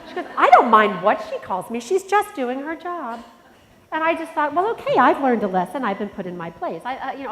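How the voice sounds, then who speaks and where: Woman telling her story in an echoing hall. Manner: heartfelt, reflective, with sudden rises in pitch and volume. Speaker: conference speaker. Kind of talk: personal storytelling speech. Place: large conference hall. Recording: long reverb from a conference hall.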